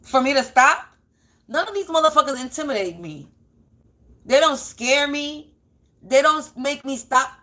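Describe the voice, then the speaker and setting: A woman's voice: high-pitched, expressive, unhurried, long pauses, bright, forceful tone. A woman doing a casual spiritual reading, blunt and profane, repeating phrases for emphasis. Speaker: spiritual energy reader.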